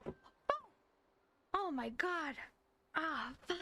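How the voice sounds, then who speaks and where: A young woman streaming games, chatting casually with her viewers, excitable and quick to swear, gasp and shriek. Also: high-pitched, heavy background noise. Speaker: game streamer. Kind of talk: casual live-stream chat. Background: faint game music.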